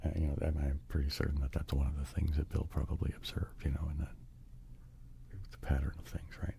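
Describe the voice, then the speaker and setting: A man's voice: very deep voice, monotone, a little fast, gravelly, dark tone, a little hiss or hum. A man telling a whispered ASMR bedtime story, rambling along with many fillers and restarts.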